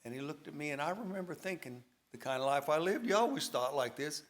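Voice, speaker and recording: A man's voice: a little high, animated, quick pace, hardly any pauses. A man telling his personal testimony at a church service, dramatic storytelling with a voice that rises and falls with emotion. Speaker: church member giving testimony.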